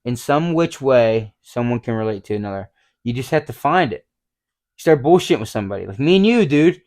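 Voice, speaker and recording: A man's voice: mid-range voice, lively intonation, a little fast, darkish tone. Casual podcast co-host, man in his mid-twenties, loose and rambling, swears a lot. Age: 20s. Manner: rambling, swears often, fills with "like". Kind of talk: casual chat.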